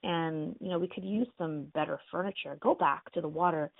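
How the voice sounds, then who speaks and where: A woman's voice: sits low, a little fast, vocal fry, no echo. Woman playing a greedy, bossy wife. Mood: pushy. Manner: bossy, brushes things off flatly. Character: greedy, pushy fisherman's wife, never satisfied. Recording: dry, tinny phone-like line.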